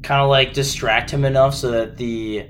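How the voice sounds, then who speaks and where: A man's voice: mid-range voice, steady tone, moderate pace, a bit bright, slight background noise. A man playing a tabletop game who speaks hesitantly and restarts his sentences. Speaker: player.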